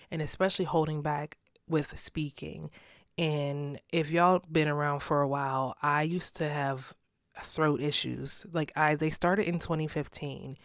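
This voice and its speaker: A woman's voice: deep voice, dry recording. Candid young woman, dry close sound. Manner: candid, laughs often while talking. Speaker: podcast host. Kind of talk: casual solo podcast monologue.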